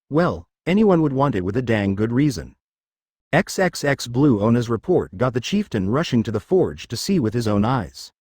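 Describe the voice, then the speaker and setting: A man's voice: mid-range voice, darkish tone, dry recording, studio quality. A man reading fan fiction aloud as narrator, in plain storytelling delivery.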